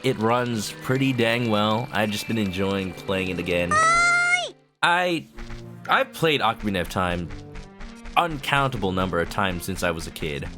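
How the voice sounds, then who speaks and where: Chatty young male game streamer. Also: mid-range voice. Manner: goofy, chatty, breaks into voices. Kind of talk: casual let's-play commentary. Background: game music.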